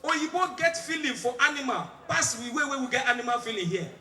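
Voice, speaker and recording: High, bright Nigerian comic working a live crowd, echoing venue, mic a little distant. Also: male voice, brisk. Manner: animated storytelling in Pidgin, mimicking sirens and voices. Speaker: stand-up comedian. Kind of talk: stand-up comedy routine. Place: large outdoor stage. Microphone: stage microphone.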